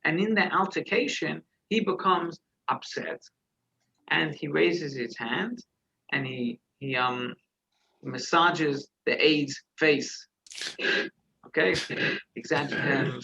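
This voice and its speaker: A man's voice: medium pitch, vocal fry, sharp tone, lo-fi sound. A man, a rabbi, telling a story in a conversational Torah class, searching for words and restarting his phrases as he goes.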